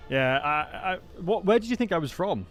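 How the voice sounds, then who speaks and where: A man's voice: high voice, animated, normal speed, fairly bright tone, soft background music. A man with a non-southern English accent chats casually on a live game stream, greeting viewers by name between bursts of commentary. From England. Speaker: gaming livestreamer.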